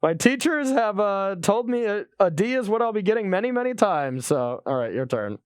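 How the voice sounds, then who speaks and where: A man with a high, bouncy voice chats his way through a card game match, cracking jokes and laughing often. He is recorded close up and dry. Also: big pitch swings, normal speed, clear, resonant tone, no room sound. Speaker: card game player and show regular. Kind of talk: casual play-along chat.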